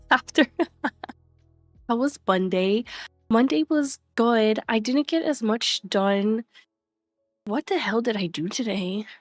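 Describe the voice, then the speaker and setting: A woman's voice: a little high, animated, slow pace, pauses often, no room sound, soft background music. A young woman chatting casually on a live stream, greeting viewers by name and laughing often, recorded at home on a desk microphone. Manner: chatty, reads chat names aloud, frequent laughs. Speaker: livestreamer.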